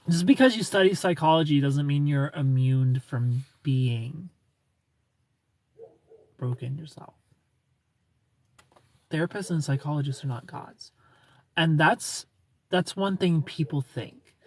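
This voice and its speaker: A man's voice: a little high, a little slow, pauses often. A man hosting a live stream, chatting casually and joking while he reads and answers viewer comments.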